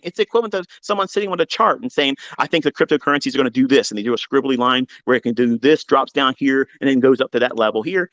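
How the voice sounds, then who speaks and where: A man hosting a live online audio chat, ranting heatedly and profanely, swinging between loud outbursts and low mutters. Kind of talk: heated unscripted rant. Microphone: online audio room.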